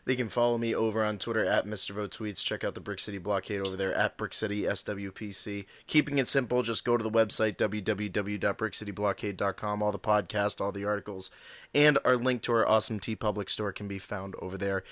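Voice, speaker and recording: A man's voice: on the low side, fairly even intonation, a little fast, fairly bright tone, dry recording. An American man hosting a podcast, teasing his co-host and reading plugs in an upbeat promo style. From United States. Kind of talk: casual podcast chat.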